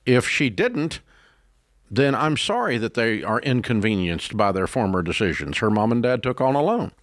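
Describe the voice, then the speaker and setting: A man's voice: big pitch swings, moderate pace, a bit bright, dry recording. Give me an emphatic man in his sixties hosting an advice show, recorded dry. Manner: blunt, emphatic, rants with rising pitch. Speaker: radio show host. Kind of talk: call-in advice show talk.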